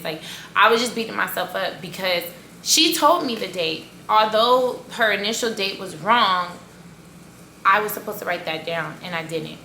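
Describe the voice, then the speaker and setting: An animated woman talking casually in a storytime vlog. Her voice sits low but sounds bright and a little gravelly. She fills her retelling with "like" and playful sound effects, and the recording has an echoey room sound. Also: moderate pace, a little hiss or hum. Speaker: cake business owner.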